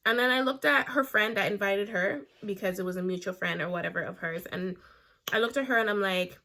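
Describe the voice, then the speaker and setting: Young woman vlogger, bright voice, chatty story time, acts out every quote. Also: medium pitch, fairly quick. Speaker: beauty vlogger.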